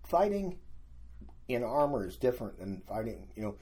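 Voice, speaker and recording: An older man, a guest, telling lively anecdotes in a casual storytelling way and acting out what other people said. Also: medium pitch, moderate pace, husky. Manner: animated anecdotes, acting out quoted voices.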